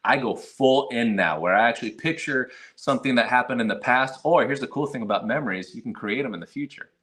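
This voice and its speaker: A man talking casually on a podcast, telling lively stories and acting out little quoted moments. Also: medium pitch, a little fast. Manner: animated storyteller, acts out quotes, frequent restarts. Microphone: remote video call.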